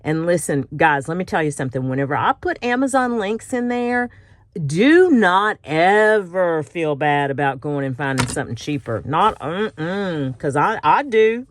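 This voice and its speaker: A woman's voice: on the low side, very animated, unhurried. A middle-aged woman hosting a casual crafting tutorial, chatty and self-mocking and often laughing. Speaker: craft channel host.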